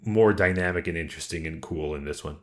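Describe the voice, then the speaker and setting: A man's voice: sits low, fast talker. A man co-hosting a casual podcast chat, talking in a meandering way and often restarting his thoughts. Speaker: podcast co-host.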